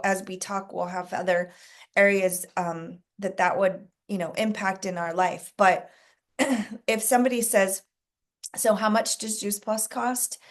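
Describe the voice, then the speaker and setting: A woman leading a casual sales coaching call, talking to a group, asking them questions and clearing her throat often. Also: mid-range voice.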